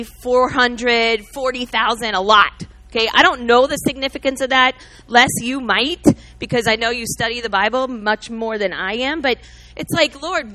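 Middle-aged woman preaching, earnest and emotional, kinda high voice, talks to folks in the room by name. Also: bright, forceful tone, low-quality recording. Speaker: speaker at a church gathering. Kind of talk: emotional sermon-style testimony and Bible teaching.

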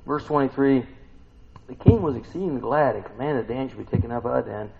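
A man preaching a casual sermon, retelling a scripture story and asking the listeners questions, swinging between loud and soft. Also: medium pitch, fast talker, vocal fry, narrow, tinny audio.

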